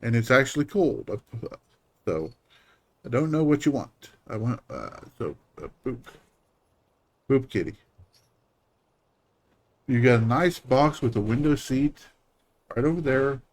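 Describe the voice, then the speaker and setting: A man's voice: medium pitch, lively intonation, measured pace, pauses often. Rambling, self-mocking male streamer. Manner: rambling, self-deprecating asides. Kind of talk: casual live-stream chat.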